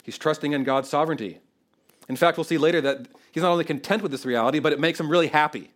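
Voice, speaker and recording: A man preaching an expository sermon in an animated, conversational way, often checking in with the congregation. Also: on the high side, fast talker. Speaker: pastor.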